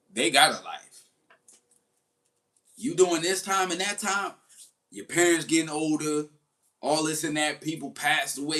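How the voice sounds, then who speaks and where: A man talking casually and animatedly, telling stories in a commentary monologue. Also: fairly high pitch. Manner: slangy, animated storytelling with laughs. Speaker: commentary host.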